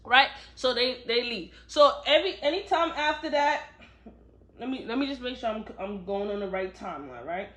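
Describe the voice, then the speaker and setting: At home, a woman gives a casual book review, animatedly retelling the plot and acting out the characters' lines. Her voice runs on the high side at a moderate pace.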